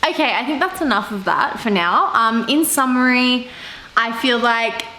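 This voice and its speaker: A woman's voice: on the high side, lively intonation, moderate pace, bright, forceful tone, echoey room. A young woman vlogger gushing and squealing as she reacts to her old videos. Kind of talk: casual reaction vlog.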